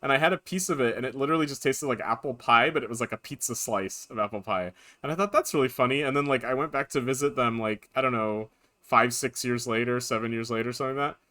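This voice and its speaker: A man streaming a video game live, chatting casually and rambling through animated anecdotes. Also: medium pitch, fast talker.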